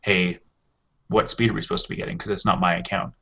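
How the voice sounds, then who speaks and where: A man with a lowish voice co-hosts a tech podcast in a casual, rambling way, often restarting his sentences as he explains. The audio sounds dull and lo-fi. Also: fairly even intonation, fast, vocal fry, fairly bright tone, slightly rough. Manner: explains at length with many restarts. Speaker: podcast co-host. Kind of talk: casual chat.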